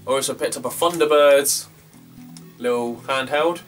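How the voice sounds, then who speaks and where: Young bloke, rambling casual vlogger, swears a lot; distant mic, soft guitar underneath. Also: male voice, mid-range voice, normal speed. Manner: rambling, chatty, swears freely. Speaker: retro game collector. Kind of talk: casual vlog chat. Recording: distant from the mic, faint guitar music behind.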